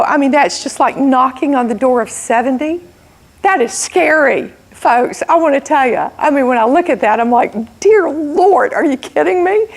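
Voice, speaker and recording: A woman in her sixties from South Alabama with an Alabama accent, giving a slow, folksy motivational talk to a meeting group. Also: high voice. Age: 60s. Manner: slow, folksy, self-teasing. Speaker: guest speaker. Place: meeting room.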